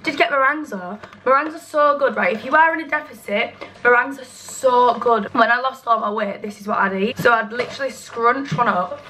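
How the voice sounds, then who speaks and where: Bright-voiced chatty young woman vlogger. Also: on the high side, a little fast, hardly any pauses, slight background noise. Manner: chatty, blunt and sweary, laughs easily. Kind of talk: casual vlog chat to camera.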